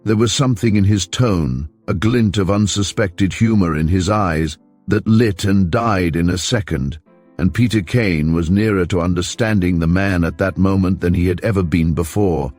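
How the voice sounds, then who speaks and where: A man reading a crime novel aloud in an even, measured way as audiobook narrator. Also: deep voice, soft background music. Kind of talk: scripted narration.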